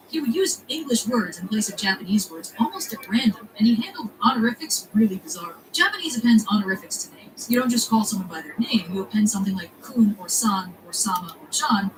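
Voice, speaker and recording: A woman narrating a video essay in a quick, conversational, wry way, with noticeable background noise. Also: mid-range voice.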